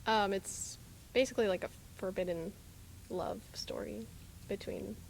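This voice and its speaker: A woman's voice: mid-range voice, unhurried, vocal fry, a little hiss or hum. A young woman, a student conductor, speaking politely and hesitantly at a band rehearsal. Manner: polite, hesitant, laughs nervously. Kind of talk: rehearsal talk.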